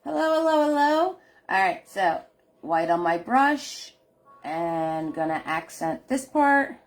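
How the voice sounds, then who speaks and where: A woman's voice: on the low side, lively intonation, takes it slowly, soft background music. A middle-aged woman hosting a live painting class, chatting casually, laughing often and greeting viewers by name.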